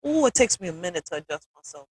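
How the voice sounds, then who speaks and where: A woman's voice: fairly low pitch, sing-song, quick pace, slightly rough, no echo, poor audio. A woman hosting a live stream, talking emotionally and bluntly with lots of cursing, often checking in with "all right?". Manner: emphatic, builds to forceful peaks.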